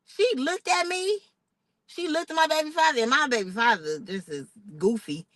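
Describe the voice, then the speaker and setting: A young woman, telling a personal story in a casual vlog, animated and expressive. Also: high-pitched, moderate pace, dry recording, poor audio. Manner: animated, expressive retelling with outraged quoted asides. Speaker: vlogger.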